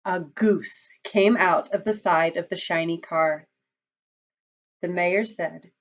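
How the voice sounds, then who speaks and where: A woman storyteller reading a children's picture book aloud, in an expressive, dramatic manner. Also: on the low side, slow. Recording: dull lo-fi recording.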